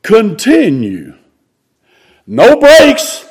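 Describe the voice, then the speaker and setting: A man preaching, reading scripture aloud and explaining it, rising to loud exclamations. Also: high voice, wildly swooping pitch, drawn-out words, breathy edge. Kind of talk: expository sermon.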